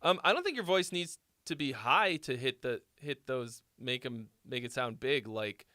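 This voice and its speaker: A man's voice: medium pitch, animated, normal speed, bright, forceful tone. Casual man giving music critique. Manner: loose, rambling, swears casually, many fillers. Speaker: host reviewing viewer songs.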